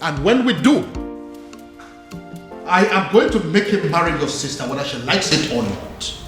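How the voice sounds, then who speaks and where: A man's voice: fairly high pitch, very animated, moderate pace, reverberant, over music. An actor playing a stern king who speaks with authority to his son and his adviser. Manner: authoritative, commanding. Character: stern king, father of a princess.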